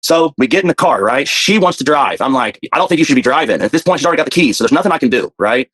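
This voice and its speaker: A man casually telling a story, fast and profane, often repeating himself. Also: mid-range voice, expressive, a bit bright, breathy edge.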